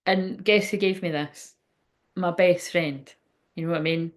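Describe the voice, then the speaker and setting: Her voice is fairly low, steady and unhurried as she hosts a casual psychic livestream from home. Even so, the talk is rambling and emotional, with frequent swearing, laughter and sentences that trail off.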